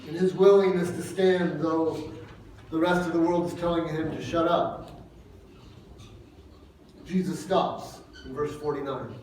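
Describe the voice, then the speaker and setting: A man's voice: fairly high pitch, fairly even intonation, a little slow, long pauses, a little mellow, slight background noise. A man preaching a sermon as pastor, earnest and emphatic, repeating phrases for weight. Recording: echoey room from a distance.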